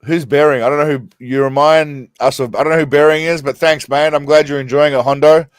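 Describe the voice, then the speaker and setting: A man's voice: a little high, fairly even intonation, fairly quick, smooth, dry recording. An Australian man hosting a casual live stream from a small room, rambling and laughing as he thanks his viewers and keeps getting sidetracked.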